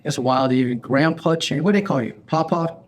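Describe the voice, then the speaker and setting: A man's voice: fairly high pitch, brisk. A man co-hosting a podcast, telling a story in casual chat, acting out quoted voices with frequent restarts and laughs. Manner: laughs often while telling stories. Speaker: podcast co-host.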